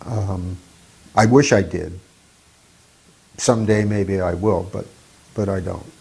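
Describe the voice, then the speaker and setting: An older man sharing memories as a devotee, reflective and halting, often restarting his phrases. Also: low voice, fairly even intonation, dark tone. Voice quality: gravelly, husky. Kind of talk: reminiscing talk.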